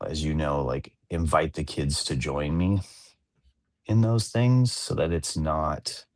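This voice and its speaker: A rumbling low male voice, slow and darkish in tone. He's a Southern Californian podcast co-host chatting casually, rambling along with plenty of fillers and restarts.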